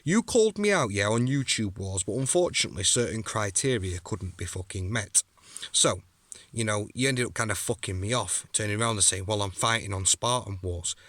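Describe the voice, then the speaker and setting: A man's voice: fairly low pitch, animated, a little fast, fairly bright tone, no echo. A young man ranting angrily to camera at a rival, aggressive and sweary. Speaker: amateur fighter calling out a rival. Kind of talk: angry rant to camera.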